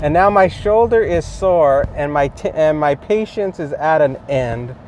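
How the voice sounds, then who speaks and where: A man's voice: on the high side, expressive, measured pace, darkish tone. Chatty man narrating from his car. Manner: chatty storytelling, frequent fillers and chuckles. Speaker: delivery driver vlogger. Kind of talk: casual ride-along narration. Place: inside a car. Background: faint car and street noise.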